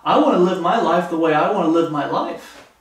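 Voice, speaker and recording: A man with a high voice preaches a fervent Bible study and acts out the voices of the people he quotes. He stands some way from the mic. The room around him is very echoey. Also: brisk, far from the mic. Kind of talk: sermon.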